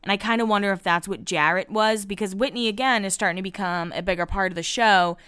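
A woman's voice: mid-range voice, fast, a bit bright, clear, resonant tone. A woman hosting a podcast, giving a casual, gossipy recap in a candid style with casual swearing. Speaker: podcast host recapping a reality show.

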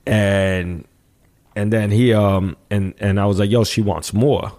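A man's voice: lowish voice, steady tone, unhurried, a little mellow. A man from New York, a guest telling a casual, rambling story with lots of restarts and swearing. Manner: rambling with frequent restarts and profanity.

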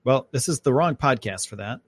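A man's voice: mid-range voice, animated, fairly quick, husky, no echo. A man hosting a live podcast, chatting casually and rambling about space and his plans. He comes from upstate New York. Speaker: podcast host. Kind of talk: casual live-stream chat. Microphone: microphone at home.

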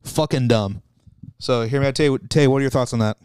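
A man's voice: mid-range voice, fairly quick, clean tone, no echo, studio quality. A man co-hosting a casual podcast, telling stories with lots of swearing and laughter, in a home living room. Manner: profane, laughing, animated storytelling. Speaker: podcast co-host.

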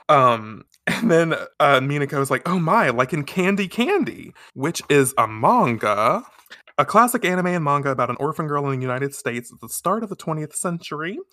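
A woman's voice: low voice, very animated, normal speed, pushed and bright, dry recording, clean studio sound. A woman casually recapping a manga on a podcast, acting out the characters' lines, swearing freely and laughing often. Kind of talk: casual chat.

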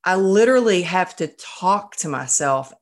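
Woman host, lowish voice, chatty and self-deprecating, full of anecdotes. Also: normal speed. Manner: animated, self-deprecating storytelling. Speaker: podcast host. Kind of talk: casual podcast conversation.

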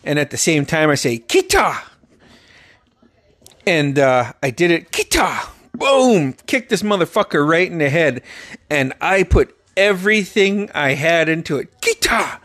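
A young man telling his dream stories in a casual monologue, swearing constantly and acting out the voices and yells. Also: on the high side, moderate pace, no room sound. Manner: profane, animated, acts out quotes with loud yelps. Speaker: storyteller.

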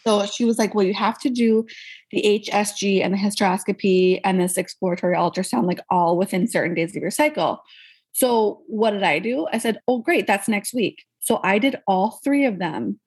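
A young woman appears as a guest in a relaxed interview, candidly and animatedly telling stories from her own life and acting out the voices of people she quotes. Her voice is husky and mid-range, at a moderate pace.

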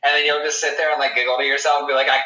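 A man's voice: mid-range voice, little pitch movement, very fast, pushed and bright, reverberant, poor audio. A man co-hosting a casual running podcast over a video call, joking loosely and swearing. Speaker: podcast co-host. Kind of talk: casual chat.

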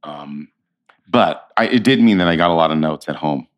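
A man being interviewed, telling stories in a casual, animated way with plenty of restarts. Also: rumbling low, moderate pace. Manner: animated storyteller, slips into quoted voices. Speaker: actor, interview guest.

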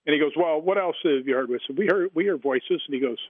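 A man's voice: fairly high pitch, quick pace, husky, dry recording. A man who wrote a book on the paranormal, telling long rambling anecdotes as a guest in an interview. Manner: rambling anecdotes with many fillers and restarts. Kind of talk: storytelling in an interview. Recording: tinny phone line, dry.

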